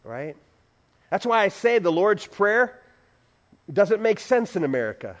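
A man's voice: high voice, big pitch swings, a little slow. A man preaching a sermon as pastor, conversational, asking the congregation questions and adding humorous asides.

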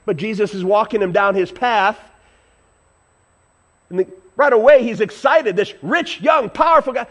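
A man preaching a sermon as pastor, animated and acting out voices, with sudden loud whoops. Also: high-pitched, normal speed.

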